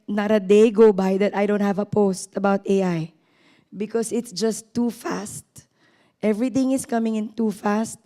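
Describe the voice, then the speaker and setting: Hoarse woman from the Philippines. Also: mid-range voice, mellow. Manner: earnest, repeats key points. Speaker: panel guest. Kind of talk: panel self-introduction.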